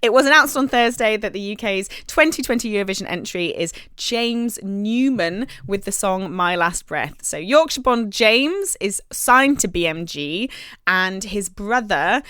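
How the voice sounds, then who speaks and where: A woman's voice: mid-range voice, lively intonation, a little slow, fairly bright tone, clear, resonant tone, no echo, studio quality. A woman co-hosting a podcast, chatting casually and laughing often as she explains. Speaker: podcast co-host.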